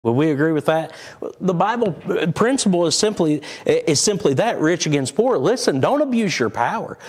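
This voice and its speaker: A man's voice: fairly high pitch, sing-song, normal speed. A man preaching a sermon, talking candidly and conversationally. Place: church sanctuary.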